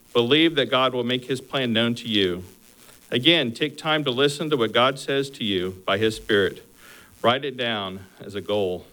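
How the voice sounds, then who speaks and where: A man's voice: mid-range voice, a bit bright, low-quality recording. Earnest male preacher giving a sermon. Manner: earnest, exhorting, numbered points.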